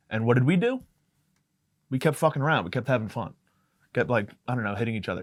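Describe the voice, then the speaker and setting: A man hosts a podcast and tells stories in a rambling, profane, self-mocking way. His voice sits at an ordinary middle pitch. He is recorded close on a dry mic with no room sound. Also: fast talker, dry recording. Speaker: podcast host. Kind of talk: casual comedic storytelling.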